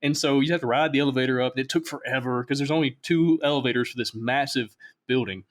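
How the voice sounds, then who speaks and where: Fast-talking Southern man hosting. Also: medium pitch. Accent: Southern American. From Alabama, US Deep South. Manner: animated storyteller, acts out quotes. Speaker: podcast host. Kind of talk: casual interview.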